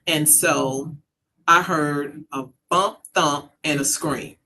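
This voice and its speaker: A woman's voice: low voice, fairly even intonation, slow, bright, forceful tone, a little hiss or hum. A middle-aged mother telling a personal story in a casual conversation, earnest and reflective. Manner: earnest, reflective, acts out quoted voices. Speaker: mother sharing her story.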